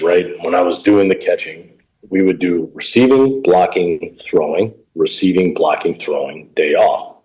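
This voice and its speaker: This guest is a middle-aged man who coaches professional baseball, speaking informally in an interview and recounting coaching stories in a straightforward way. His voice sits low and sounds a little mellow, captured on a rough recording.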